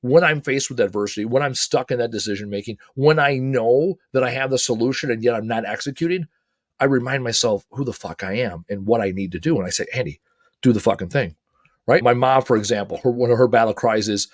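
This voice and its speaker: A middle-aged man from the United States giving an energetic, emphatic motivational talk as host, swearing casually. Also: medium pitch, fast talker, no room sound, studio quality.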